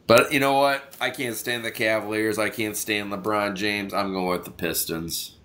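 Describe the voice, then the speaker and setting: A man's voice: on the low side, moderate pace, hardly any pauses, pushed and bright. A man with a cold co-hosting a casual sports picks show, speaking in a laid-back, plain-spoken way. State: has a cold.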